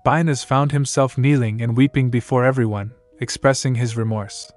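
A man narrating a story recap in a steady, plain manner. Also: medium pitch, normal speed, faint music behind.

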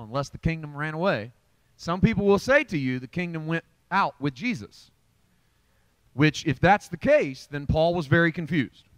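A man's voice: mid-range voice, no room sound. A pastor teaching a midweek Bible study in a conversational, emphatic preaching style, often restarting his sentences. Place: church.

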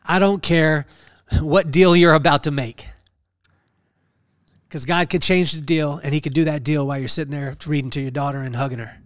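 A man's voice: fairly high pitch, steady tone, normal speed, dry recording. Earnest male podcast host, dry sound. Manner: earnest, preacher-like, repeats phrases. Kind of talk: emotional personal storytelling.

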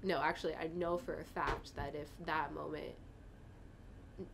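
A woman's voice: low voice, steady tone, moderate pace, gravelly, fairly bright tone, slight background noise. A young woman speaking candidly as an interview guest, rambling with fillers and getting emotional, at times tearing up. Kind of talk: casual interview talk.

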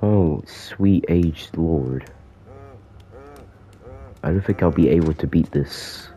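A man's voice: extremely low pitch, slow pace, mellow. A man giving joking commentary as he plays a horror game, talking to the character chasing him. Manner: jokey, talks to the game's villain. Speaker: gaming YouTuber.

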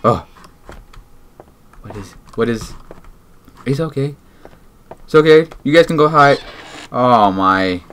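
Jumpy gamer, lively slow swearing. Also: mid-range voice. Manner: jumpy, swears and talks to self. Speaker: gamer playing a horror game. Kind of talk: let's-play commentary.

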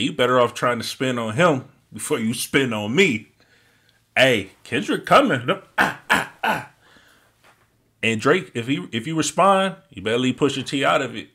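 A man hosting a music reaction video, excitedly repeating lyric lines and commenting on them in casual talk. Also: medium pitch, measured pace, pauses often, slightly rough.

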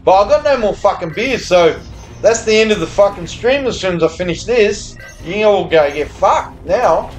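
A man's voice: high voice, expressive, normal speed, soft background music. A man who is a bit tipsy and slurring, chatting and swearing while he streams to viewers. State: tipsy, slurring a little after beers. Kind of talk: live gambling stream chat. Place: hotel or home room abroad.

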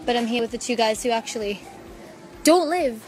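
A woman's voice: a little high, lively intonation. A woman chatting casually to camera as a vlogger in a big-box store. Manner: chatty, upbeat, quick asides. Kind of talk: casual vlog chat. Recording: music playing underneath. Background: background music.

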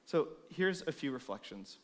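Expressive male pastor preaching. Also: a little high, moderate pace. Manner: expressive, swings from loud emphasis to soft, hushed delivery. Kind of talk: sermon. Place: church.

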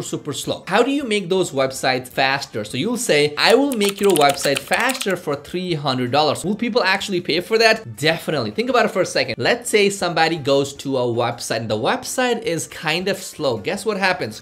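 A man's voice: on the high side, sing-song, a little fast, hardly any pauses, fairly bright tone, a little hiss or hum. A man hosting his own channel, giving a casual, hyped-up how-to talk full of punchy rhetorical questions. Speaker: online-business channel host.

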